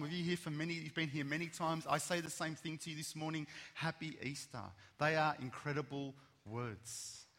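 A man preaching an Easter sermon to his church, repeating key phrases with emphasis and turning quiet and low when he prays. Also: in a large hall. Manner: repetitive, emphatic preaching, softens for prayer. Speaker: pastor. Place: church hall.

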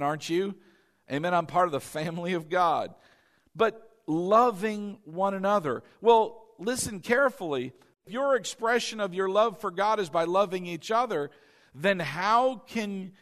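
Male pastor, high voice, sermon delivery, repetitive and interactive. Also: fairly bright tone, long reverb tail. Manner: repeats key phrases, calls on congregation to respond; shifts between slow emphatic lines and quick asides.

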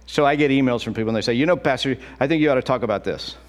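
This middle-aged male preacher talks in a rapid-fire manner at medium pitch. His sermon is animated and conversational, and he acts out the quotes he shares.

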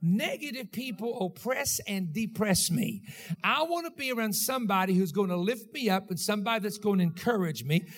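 A man's voice: sits high, lively intonation, brisk. A man preaching a sermon as pastor, in a rhythmic style with frequent call-outs to his congregation.

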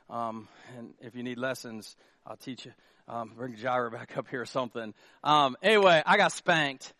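A man's voice: fairly high pitch, pushed and bright, dry recording, clean studio sound. A middle-aged man preaching a sermon in a church, joking and conversational, with emphatic rising peaks. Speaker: pastor. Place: church sanctuary.

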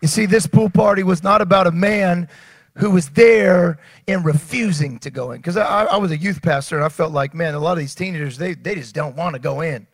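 A man preaching a sermon, animated, often stammering and restarting, sometimes rising to shouts. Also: high-pitched, a little fast, no echo. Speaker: pastor.

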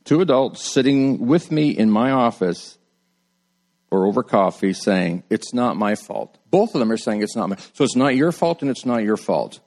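A man's voice: expressive, moderate pace. Conversational male pastor preaching. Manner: conversational, rises high when quoting people, drops low and quiet for emphasis. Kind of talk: sermon.

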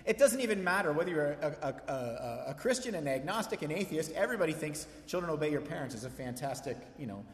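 Male pastor, higher-set voice, chatty sermon with jokes, echoey church hall. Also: very animated, quick pace, few pauses. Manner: conversational storytelling with humor. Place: church sanctuary.

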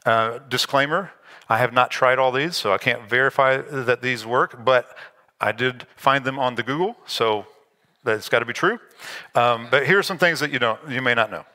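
A man's voice: medium pitch, moderate pace, sharp tone. A man preaching a sermon, explaining scripture in a conversational way and slipping in self-deprecating asides. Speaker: pastor.

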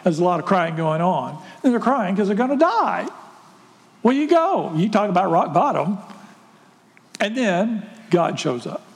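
A man's voice: high voice, very animated, measured pace, big-room sound. A male pastor preaching a sermon, retelling a story conversationally and asking the congregation questions.

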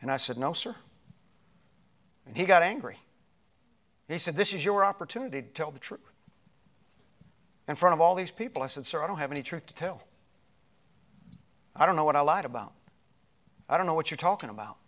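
Animated preacher man, higher voice. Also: fairly quick, long pauses. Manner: animated, swings from loud to hushed. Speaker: pastor. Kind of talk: sermon storytelling.

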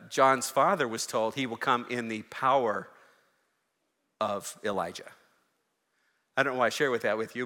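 Bright-voiced pastor preaching in a reverberant hall. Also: male voice, medium pitch. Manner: conversational asides that build to loud, fervent preaching. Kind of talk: sermon. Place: church.

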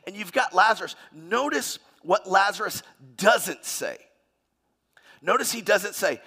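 A man preaching a sermon, expressive and dramatic, acting out the voices he quotes with sudden swings in pitch and loudness. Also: normal speed, slightly rough. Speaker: pastor.

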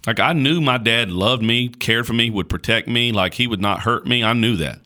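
A man's voice: medium pitch, moderate pace. A man, a pastor, chatting on a podcast, telling stories with many fillers and restarts. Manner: storytelling, folksy and animated, with many fillers and restarts. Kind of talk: casual podcast conversation.

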